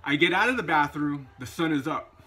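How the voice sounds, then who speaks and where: Bright-voiced man telling a story. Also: a little high, expressive, a little fast. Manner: chatty, anecdotal. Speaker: vlogger. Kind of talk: casual storytelling vlog.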